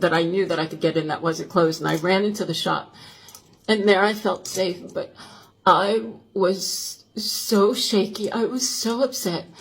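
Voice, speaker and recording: Earnest, husky older woman vlogger. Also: mid-range voice. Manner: earnest, halting, with frequent restarts. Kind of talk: personal story vlog.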